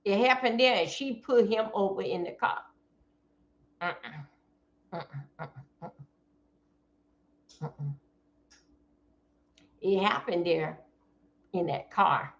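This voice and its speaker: A woman's voice: mid-range voice, creaky, highs cut off. A woman from Florida, giving blunt casual commentary to her live-stream chat from home.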